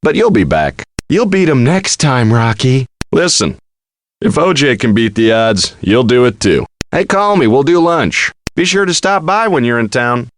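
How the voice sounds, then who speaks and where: A cocky wisecracking poker player. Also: male voice, medium pitch, big pitch swings, normal speed. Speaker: game character. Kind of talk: game voice clips.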